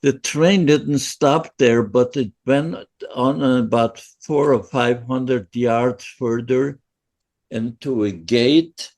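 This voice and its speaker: A man in his nineties from Poland, a podcast guest giving a first-person survivor's testimony in a halting, emotional way with many restarts. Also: medium pitch, a little mellow. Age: 90s.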